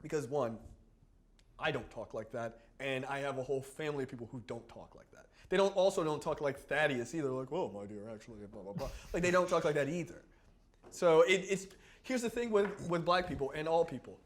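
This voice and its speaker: A man co-hosting a film review podcast in casual chat, animated, swearing and laughing often. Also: fairly high pitch, brisk. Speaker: podcast co-host reviewing films.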